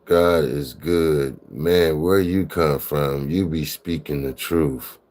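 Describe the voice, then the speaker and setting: A man's voice: rumbling low, slow pace, darkish tone. A man hosting a live stream in casual slang, cheering on his guest with affirming interjections.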